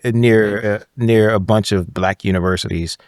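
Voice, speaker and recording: A man's voice: on the low side, moderate pace, dry recording. A man in his thirties, a podcast guest, telling a story in casual conversation and often checking in with "right?". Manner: animated storyteller, frequent "right?" tags.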